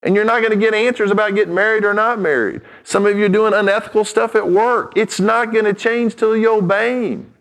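A male pastor delivering a sermon in a direct, emphatic way. He moves between reading scripture and speaking plainly to his listeners. His voice sits a little higher than most men's. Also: steady tone, brisk, hardly any pauses, fairly bright tone, rough recording. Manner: direct, emphatic preaching with conversational asides.

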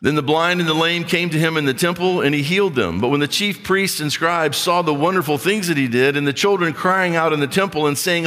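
Pastor preaching in a reverberant hall. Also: male voice, on the high side, fairly quick, sharp tone. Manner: conversational preaching, acts out imagined voices. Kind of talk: sermon.

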